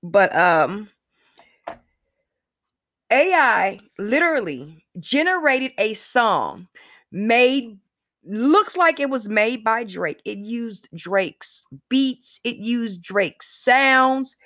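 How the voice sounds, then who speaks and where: A woman's voice: a little high, animated, drawn-out words, fairly bright tone, dry recording, studio quality. A woman hosting her own solo podcast, talking casually and emphatically to her listeners with slang and direct asides. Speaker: podcast host.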